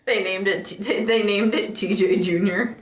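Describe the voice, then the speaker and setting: A woman's voice: medium pitch, fairly even intonation, moderate pace. A woman streamer in casual livestream chat, teasing and laughing often. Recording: echoey room.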